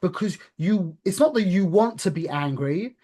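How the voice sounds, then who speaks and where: Guy giving a loose spiritual talk, kinda higher voice, keeps going "yeah?" and restarting himself. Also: animated, moderate pace, warm tone, breathy edge. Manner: conversational, frequent "yeah?" check-ins, restarts. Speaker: religious speaker.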